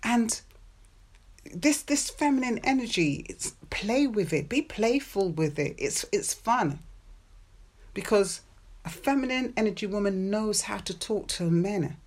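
A woman's voice: mid-range voice, lively intonation. A woman hosting a podcast, giving relationship advice in a playful, chatty monologue with personal stories and frequent laughs. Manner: playful, chatty, laughs often, drawn-out stressed words.

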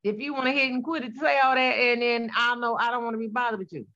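A woman's voice: a little high, fairly even intonation, fast talker, bright, forceful tone, dull audio. A woman in her forties, a guest in a casual conversation, telling blunt, colloquial stories about her sons. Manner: sassy, blunt storyteller, colloquial.

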